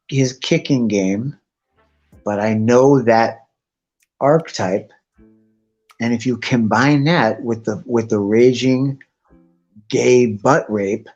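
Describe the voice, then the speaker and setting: Over muffled, lo-fi stream audio with faint music behind him, a man with a medium-pitched, darkish voice chats as a live stream guest. His talk is casual and rambling, and he swears all the time.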